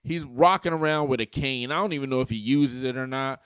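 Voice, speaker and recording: A man's voice: mid-range voice, brisk, fairly bright tone, clean tone, no echo, clean studio sound. A man giving casual, opinionated political commentary for his channel, slangy and full of joking asides. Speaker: YouTube commentator.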